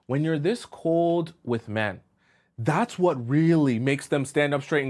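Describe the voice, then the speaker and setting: Animated male dating coach on a live stream. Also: on the high side, unhurried. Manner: emphatic, keeps asking "right?" and "okay?".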